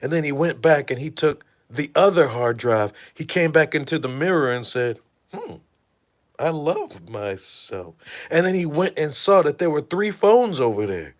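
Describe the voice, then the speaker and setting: A man hosting a casual livestream, retelling events in an animated, profane storytelling manner and thanking viewers. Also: fairly high pitch, moderate pace, hardly any pauses. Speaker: host.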